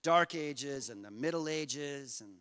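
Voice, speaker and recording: A man's voice: medium pitch, expressive, measured pace, fairly bright tone, clean tone. Pastor man in an echoey church. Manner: conversational and self-deprecating, acting out the story with rising energy. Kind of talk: sermon with personal storytelling. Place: church sanctuary. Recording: long hall reverb from a church sanctuary.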